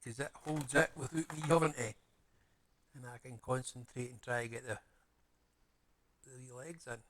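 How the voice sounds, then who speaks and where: A man in casual live-stream chat, half talking to himself as he works on small pieces. His voice sits at an ordinary middle pitch, relaxed and unhurried, with friendly asides to his viewers. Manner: mutters to himself while fiddling with small parts, chatty aside to viewers. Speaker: live streamer building a model kit. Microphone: streaming mic with adjustable audio settings.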